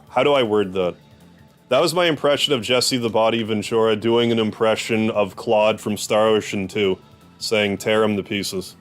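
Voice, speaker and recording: A man streaming a video game, joking and rambling through casual commentary. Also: on the low side. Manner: joking, self-deprecating asides.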